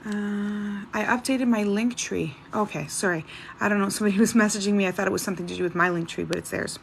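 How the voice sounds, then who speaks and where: Woman livestream psychic, mid-range voice, brisk chatty delivery. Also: mid-range voice, gravelly, a little hiss or hum. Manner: brisk, chatty, reads names and questions off. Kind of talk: live-stream Q&A reading.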